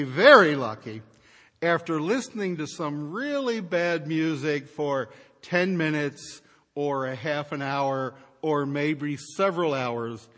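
Male preacher, slow and wry, with a higher voice and a long church echo. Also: fairly bright tone. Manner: wry, exasperated storytelling with rhetorical questions. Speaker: pastor. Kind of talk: sermon.

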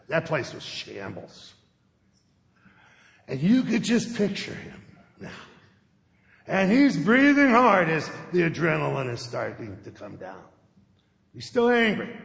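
Gravelly high-voiced male pastor preaching. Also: a bit bright. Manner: conversational storytelling, often checks in with "okay?". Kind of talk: sermon. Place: church sanctuary. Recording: echoey sanctuary with long reverb.

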